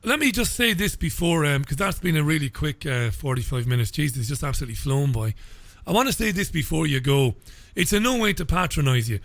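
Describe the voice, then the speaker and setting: A radio show host from England with an Irish accent runs a live interview, speaking effusively and often repeating words as he begins sentences. His voice is a little high and fairly bright, with lively intonation, vocal fry, and a brisk pace, recorded dry.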